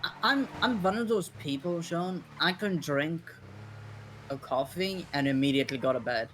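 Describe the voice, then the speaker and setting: A man's voice: on the high side, moderate pace, fairly bright tone, slight background noise. A man in game role-play chat, easygoing and casual.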